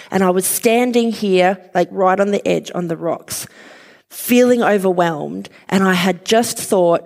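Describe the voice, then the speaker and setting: A woman's voice: medium pitch, unhurried, gravelly, a little mellow. A woman preaching a sermon, conversational, telling a personal story with fillers and light laughs. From outside Western Australia.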